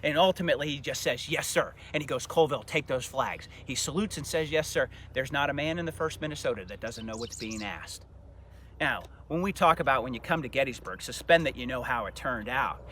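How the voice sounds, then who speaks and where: A man's voice: medium pitch, animated, brisk, fairly bright tone, slight background noise. A middle-aged man guiding a live outdoor battlefield talk, telling the story dramatically and asking rhetorical questions. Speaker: battlefield historian guide.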